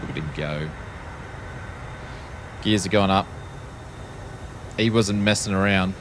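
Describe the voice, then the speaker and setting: A man's voice: deep voice, takes it slowly, slight background noise. A man with an Australian accent giving wry, casual commentary on a live stream, with frequent ums. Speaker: flight sim streamer.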